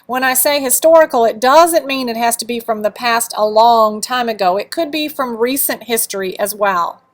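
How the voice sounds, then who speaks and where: A woman teacher giving students an instructional talk on contest rules, laying out each judging criterion clearly and step by step. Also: a little high, moderate pace. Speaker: school teacher explaining a speech contest. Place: school media center.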